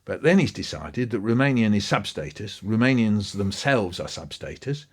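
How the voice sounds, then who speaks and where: A man, a guest in a podcast interview, telling stories in an animated way with his pitch swinging up and down. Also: normal speed, breathy edge.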